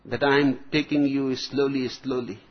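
A man giving a spiritual discourse as a teacher, speaking slowly and deliberately with long pauses. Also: mid-range voice, level tone. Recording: dull lo-fi recording.

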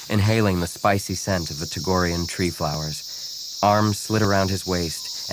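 Low-voiced man narrating calmly. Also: noisy background. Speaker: audiobook narrator. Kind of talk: scripted narration.

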